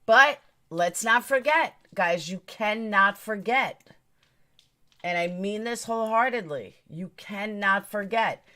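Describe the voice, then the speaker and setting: A woman's voice: medium pitch, fairly bright tone. A woman hosting a true crime live stream, talking straight to her chat in a blunt, emphatic, opinionated way.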